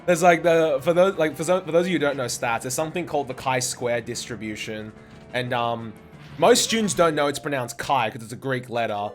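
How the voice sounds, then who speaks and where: A man's voice: mid-range voice, a little fast, faint music behind. Young male streamer; casual, profane, rambling chat while playing. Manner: swears often, rambling anecdotes with fillers. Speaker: speedrunner streaming and chatting.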